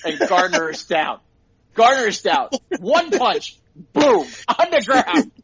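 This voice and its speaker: A middle-aged man, a podcast co-host, telling excited stories in casual chat and laughing at them himself. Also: extremely high pitch, takes it slowly, creaky, breathy edge, dull audio. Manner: excitable storyteller, laughs at his own stories.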